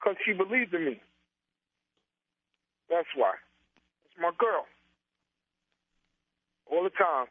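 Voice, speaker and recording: High-voiced impassioned man on a phone line. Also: big pitch swings, slow pace, pauses often, breathy edge, no echo. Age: 40s. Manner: impassioned, repetitive, preacher-like build-ups. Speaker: interview guest, comedian and author. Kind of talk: emotional interview talk.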